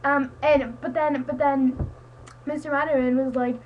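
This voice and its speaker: Teenage girl, high voice, rambling webcam chat, dull lo-fi sound, faint hum. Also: flat delivery, unhurried. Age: teens. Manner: chatty, rambling, full of "like" and "um". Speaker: student vlogger. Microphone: webcam mic.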